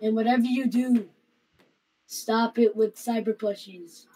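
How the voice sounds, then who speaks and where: High-pitched woman gamer, breathy, trips over her words a bit. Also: fairly even intonation, mellow, poor audio. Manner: quick, hesitant, repeats words. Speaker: roleplay player. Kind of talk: casual game roleplay chat.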